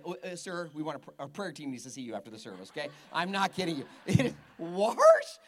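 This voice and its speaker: A pastor in a church, preaching with a playful, teasing edge. His voice sits high for a man and jumps all over the place as he jokes with the congregation. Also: sing-song, brisk, hardly any pauses, fairly bright tone. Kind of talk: sermon. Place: church hall with a live congregation.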